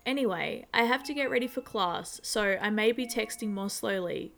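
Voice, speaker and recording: A calm, dismissive young woman, read by a female narrator. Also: medium pitch, moderate pace, gravelly, a little hiss or hum. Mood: cool.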